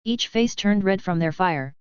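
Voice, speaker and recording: A woman narrating a novel audiobook in a steady, even reading. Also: medium pitch, moderate pace, smooth, dry recording. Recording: slightly dull dry recording.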